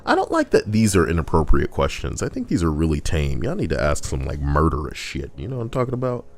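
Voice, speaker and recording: A man's voice: very deep voice, huge pitch swings, fast, vocal fry, darkish tone, faint music behind. A man reading out Reddit posts and riffing on them in casual, sarcastic, crude commentary that wanders into rambling asides.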